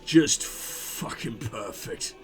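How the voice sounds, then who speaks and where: A man voicing a gruff, hot-tempered burly union boss in a video game who keeps cursing in angry outbursts. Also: fairly low pitch, expressive, drawn-out words, soft background music, voice pushed down. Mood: furious.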